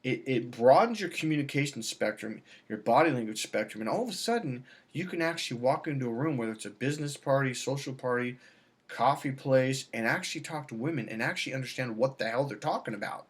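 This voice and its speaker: A man's voice: mid-range voice, animated, fast talker, breathy edge. Rambling, salesy male dating coach. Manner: rambling, salesy, repeats himself. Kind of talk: casual self-filmed vlog.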